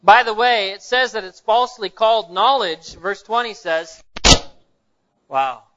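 A man's voice: high voice, moderate pace, heavy background noise. A male pastor preaching a sermon in a church, telling stories and putting rhetorical questions to the congregation, on a dull lo-fi recording.

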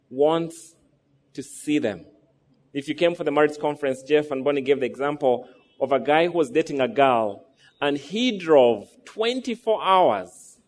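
A man in his thirties delivers a sermon in a voice that sits a little high for a man. He keeps drawing the congregation in with rhetorical questions. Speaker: pastor.

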